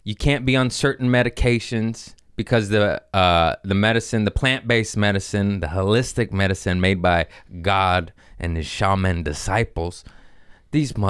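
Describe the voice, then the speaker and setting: A man's voice: deep voice, normal speed, clean tone, no room sound, studio quality. A man hosting a podcast, riffing in a jumpy, scatterbrained comic monologue and mocking himself as he loses his thread. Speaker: podcast host. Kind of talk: rambling comedic monologue.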